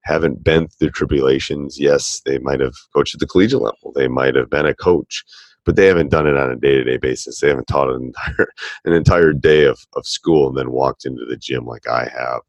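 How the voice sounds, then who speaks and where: A man's voice: extremely low pitch, brisk, no echo, muffled recording. A man doing a sponsor read for a coaching podcast, speaking earnestly and with emphasis.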